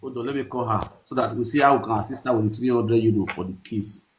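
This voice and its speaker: A man's voice: mid-range voice, fast, a little hiss or hum. Echoey Nigerian man, soothing on a live stream. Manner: soothing, repeats himself, Nigerian Pidgin. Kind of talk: live-stream chat on speakerphone.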